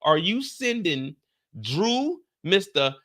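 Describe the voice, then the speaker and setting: This young man's voice sits high but moves slowly as he recaps a TV episode on a live stream, swearing freely and addressing his chat with animated flair.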